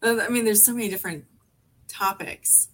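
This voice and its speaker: A woman's voice: mid-range voice, fairly quick, fairly bright tone. A woman in her forties, a podcast guest from Alaska, chatting in a rambling way full of fillers and restarts. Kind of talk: casual conversation.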